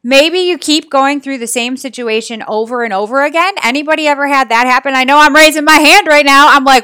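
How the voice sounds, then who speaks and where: A woman in her thirties hosting a motivational talk, energetic and chatty, often exclaiming and asking her listeners questions. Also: high-pitched, brisk, hardly any pauses, no room sound, clean studio sound. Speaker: podcast host and business coach.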